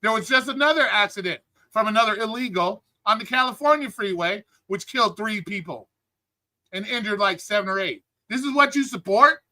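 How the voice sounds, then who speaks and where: Angry streamer host, high tense voice, heated profane rant, calls out his chat. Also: sharp tone. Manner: angry, heated, swearing constantly; greets live chat viewers between rants. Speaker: livestream host.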